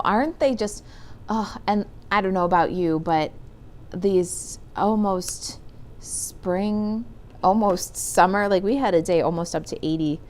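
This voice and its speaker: A woman's voice: medium pitch, darkish tone. A middle-aged woman demonstrating paper crafts on a live stream, chatting and reading viewer comments aloud. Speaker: stamping demonstrator.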